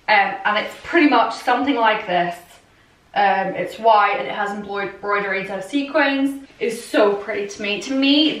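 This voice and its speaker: A woman's voice: a little high, fairly bright tone. Gushing young British woman, roomy echo. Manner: gushing, chatty, lots of "like" and "um". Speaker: fashion vlogger. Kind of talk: casual try-on haul chat. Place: room at home with a heater. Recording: roomy echo, mic at a distance.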